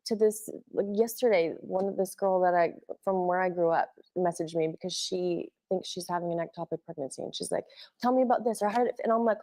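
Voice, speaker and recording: A woman's voice: on the low side, a little fast, warm tone. A woman in her thirties, a former wrestler, talking openly and emotionally as an interview guest, with many "like"s. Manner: open, emotional, uses "like" a lot. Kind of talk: candid interview conversation.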